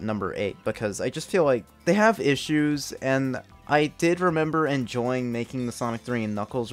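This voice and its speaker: A young man reviewing his own old video game reviews in a candid, self-critical, casual way, swearing often. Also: medium pitch. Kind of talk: casual retrospective commentary.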